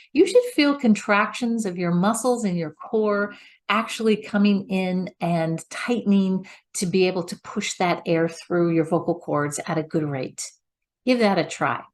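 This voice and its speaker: A middle-aged woman voice coach giving a patient, step-by-step instructional talk. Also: medium pitch. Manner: patient, explains step by step with demonstrations.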